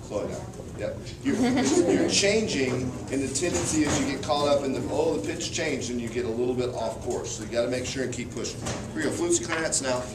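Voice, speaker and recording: A man's voice: mid-range voice, lively intonation, fast talker, very noisy. A man directing a band rehearsal, counting off and coaching the players between run-throughs, recorded from a distance in a rehearsal room. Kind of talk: rehearsal instruction. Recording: roomy, distant, with loud band playing. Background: band playing.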